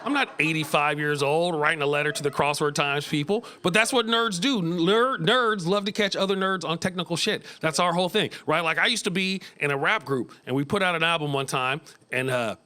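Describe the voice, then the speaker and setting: A middle-aged American man doing a stand-up set in a small club, animated, often jumping into high voices. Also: a little fast, clear, resonant tone. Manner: animated, jumps into high squeaky voices for kids. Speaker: stand-up comedian. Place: small comedy club stage.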